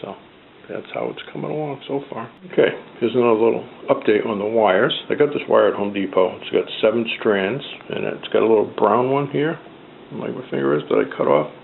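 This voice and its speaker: Gravelly New England man on tinny audio. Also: lowish voice, brisk. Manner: rambling, talks while working with his hands. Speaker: hobbyist builder. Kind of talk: casual DIY build narration. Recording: tinny phone-like audio with faint noise.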